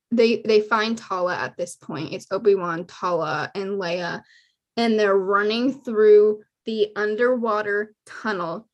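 A young woman co-hosting a podcast in casual chat, excitable and gushing, laughing often. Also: medium pitch. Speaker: podcast co-host.

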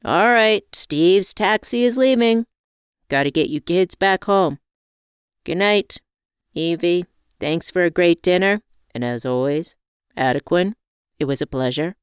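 A friendly man calls out his goodbyes in a hearty, upbeat way, as a woman narrator plays him. The voice is smooth and close with no room sound. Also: lowish voice, lively intonation, measured pace, dry recording. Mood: cheerful.

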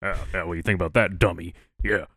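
A man's voice: sits low, steady tone, quick pace, pushed and bright, dry recording, clean studio sound. A man doing a blustering brawny fighter. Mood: taunting. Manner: blustering, combative. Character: hot-headed brawny young male fighter.

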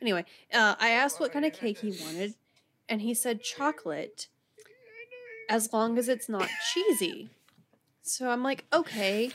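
A woman's voice: fairly high pitch, sing-song, unhurried, pauses often, a bit bright, a little hiss or hum. A woman telling a funny story in a casual chat, with fillers and bursts of laughter. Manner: chatty, laughing, frequent fillers. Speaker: podcast co-host.

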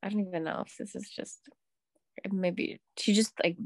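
A woman's voice: medium pitch, normal speed, no room sound. A young woman co-hosting a podcast, telling stories casually, acting out what people said and swearing. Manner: animated storyteller, acts out quotes, swears. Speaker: podcast co-host.

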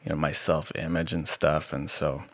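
A man with a soothing voice, sharing his personal story as a podcast guest in a relaxed, rambling way with many fillers. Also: rumbling low, moderate pace, dry recording. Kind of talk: casual personal testimony.

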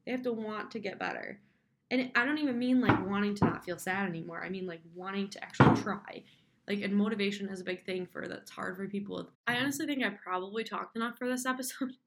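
A woman's voice: medium pitch, quick pace, vocal fry, background noise. A young woman talking candidly on her own, rambling through her points with lots of fillers and restarts. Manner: candid, rambling, with frequent fillers and self-interruptions; mocks complainers with whiny put-on voices. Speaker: podcast host. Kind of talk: casual solo monologue.

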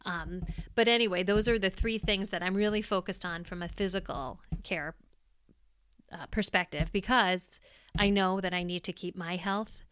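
A woman's voice: lowish voice, a bit bright, smooth, no room sound, clean studio sound. A middle-aged woman hosting a solo podcast, talking candidly and reflectively in a casual, plainspoken way. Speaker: podcast host.

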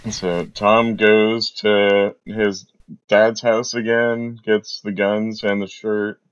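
Slow-talking guy recapping movie plot, kinda muffled lo-fi sound. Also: on the low side, flat delivery, clear, resonant tone. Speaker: podcast co-host.

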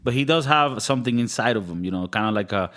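A man's voice: medium pitch, animated, quick pace, fairly bright tone. Male podcast host, casual and rambling, jokey, mid-range voice. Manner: rambling, joking, slips into mock accents.

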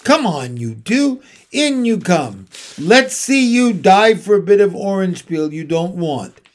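A sour, leering seal from a children's storybook, gruff and loud, his voice swinging up and down as he barks orders, performed by a man. He sounds bitter and put-upon. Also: sits high, sing-song, takes it slowly, exaggerated voice. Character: bitter, surly male seal in a zoo pool. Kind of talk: storybook read aloud.

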